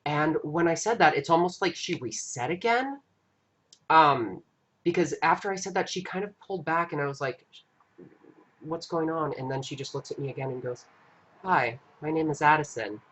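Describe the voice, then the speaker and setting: A man hosting a live stream, earnestly recounting an experience in a halting, casual way with frequent restarts. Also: on the high side, fairly bright tone. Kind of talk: casual storytelling.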